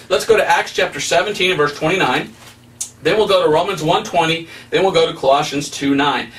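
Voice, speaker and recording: Male evangelist, fairly high voice, emphatic preacherly delivery, mic a little far off. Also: sharp tone. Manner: emphatic, preacherly, with rising stresses. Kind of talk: preaching Bible study.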